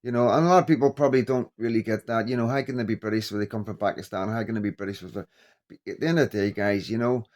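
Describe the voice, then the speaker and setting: A man vlogging in a rambling casual commentary, halting and full of "you know what I mean". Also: lowish voice, darkish tone.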